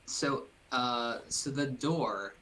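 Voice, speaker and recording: A man at a tabletop game, eagerly asking how his move will work, stumbling a little as he goes. His voice is mid-pitched, and there is a faint hiss behind it. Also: extremely slow, sharp tone, poor audio. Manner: eager, questioning, with hesitations. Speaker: player. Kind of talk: casual tabletop play.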